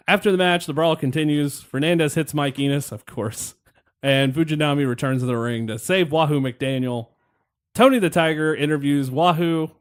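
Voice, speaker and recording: A man's voice: fairly high pitch, normal speed. A man hosting a podcast, rambling through a wrestling match recap in casual chat, wry and laughing, with the odd swear. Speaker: podcast host.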